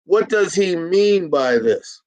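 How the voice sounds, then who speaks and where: A middle-aged man coaches cleaning business owners in a slow, drawn-out delivery. His voice sits a little high for a man. The sound is dry and close. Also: animated, darkish tone, no echo, rough recording. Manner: folksy, plays both sides of an imagined dialogue. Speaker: carpet cleaning business consultant.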